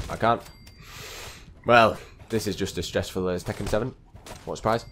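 A man's voice: fairly low pitch, steady tone, moderate pace, fairly bright tone, slight background noise. A man giving live gameplay commentary, talking to himself in a flustered way and repeating phrases as he plays. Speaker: gaming channel host.

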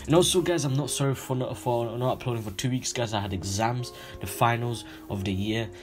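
A young male gaming YouTuber gives a rambling, foul-mouthed intro packed with "um" and "guys." His voice sits at an ordinary pitch. Clear music plays behind him. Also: fairly quick. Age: young adult. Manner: rambling, profane, filler-heavy. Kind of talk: casual video intro.

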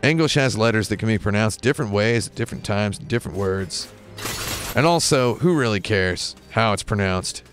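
Wry rambling American man, low voice. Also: lively intonation, moderate pace. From United States. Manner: wry, tangent-prone, mock-indignant rants. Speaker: streamer playing a game. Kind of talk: rambling live-stream commentary. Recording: game music playing behind.

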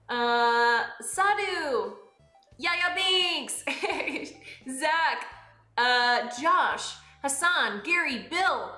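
A young woman streaming a game, bubbly and excitable, swinging between high squeals and low mutters. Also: roomy sound. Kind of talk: live-streamed game play.

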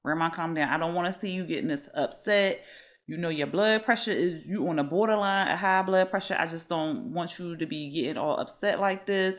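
A woman voicing a gentle young granddaughter who calms her grandmother in a tender, soothing tone for a Sims let's play. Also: on the low side, a little fast, natural voice.

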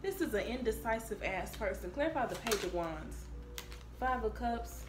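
A woman's voice: a little high, animated, moderate pace, music in the background. Blunt, profane woman reading tarot. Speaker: tarot reader. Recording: echoey room with faint ambience.

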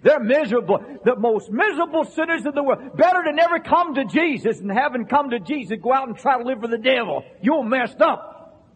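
A man preaching an impassioned sermon to a congregation in a church, repeating phrases and shouting at the peaks. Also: very high voice, expressive, fairly quick, slight background noise. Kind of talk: fiery revival sermon. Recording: long reverberant hall sound.

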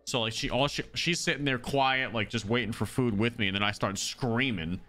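A man's voice: mid-range voice, brisk, bright, forceful tone. A man streaming a shooter game, chatting loosely with his viewers in casual commentary. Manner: chatty, loose, talks to chat as "dude" and "brother". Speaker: livestreamer playing a shooter. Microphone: streaming mic through an audio mixer.

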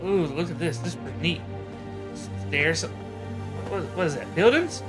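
A man's voice: a little high, lively intonation, unhurried, over music. A man voicing a jittery, scared soldier. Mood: nervous. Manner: whiny and jittery, panics loudly. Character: bumbling, easily scared male soldier. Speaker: soldier who gets lost underground. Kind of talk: fan dub of game footage.

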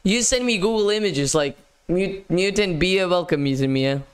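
A man's voice: high-pitched, normal speed, clean tone. A man hosting a live gaming stream, chatting casually in slang and greeting viewers by name. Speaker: livestream host. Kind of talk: casual gaming livestream chat.

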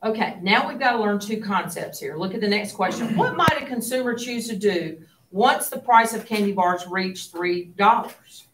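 A woman's voice: medium pitch, expressive, moderate pace, hardly any pauses, far from the mic, slight background noise. A woman teaching an economics lesson to a class, asking questions and dropping into near whispers for asides. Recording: roomy classroom, voice away from mic.

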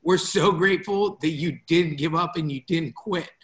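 Guy hosting a team video call, fairly high voice, getting choked up and grateful. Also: normal speed, a bit bright.

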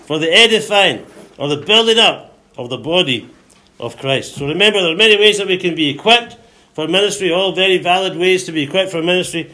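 A man preaching with a high, bright, ringing voice. He leads call-and-response with the congregation and peppers his lines with hallelujahs. Now and then he acts out voices with sudden high shouts. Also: moderate pace. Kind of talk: sermon.

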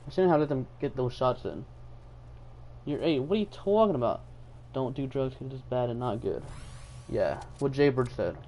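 Live-streaming a game, a young man from Texas jokes casually and reads out viewer messages. His mid-range voice is expressive and darkish, at a normal speed with long pauses, and there's a little hiss or hum.

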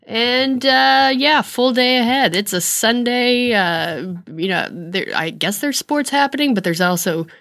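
A woman guesting on a casual podcast, her voice bright and forward. She chats in an easy, talkative way and laughs often between her remarks. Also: on the high side, measured pace, hardly any pauses. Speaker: podcast guest, comedy journalist.

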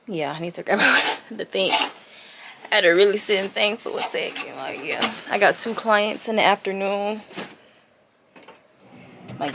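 A woman with a medium-pitched, fairly bright voice vlogs from home at night while getting ready. Her camera is on a tripod, and she keeps things chatty, addressing her viewers as y'all. A little hiss or hum can be heard.

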